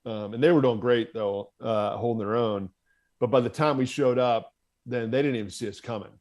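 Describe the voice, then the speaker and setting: A man's voice: mid-range voice, normal speed, darkish tone. A middle-aged American man, a former Marine officer, telling a story as a podcast guest and acting out the voices he quotes. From United States.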